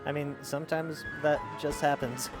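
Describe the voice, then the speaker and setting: Relaxed male esports co-commentator. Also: a little high, normal speed. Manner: relaxed, agreeable. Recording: music and crowd behind.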